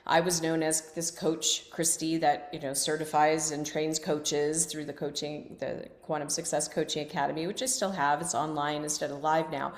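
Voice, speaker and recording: Lower-voiced woman in an echoey room. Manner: animated, chatty storytelling. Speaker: coach and guest. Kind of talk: casual interview talk. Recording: roomy echo.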